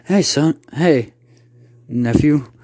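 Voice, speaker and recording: A man's voice: fairly high pitch, very slow, dark tone, dry recording, clean studio sound, voice pushed up. A man voicing a nervous, jumpy uncle who stammers.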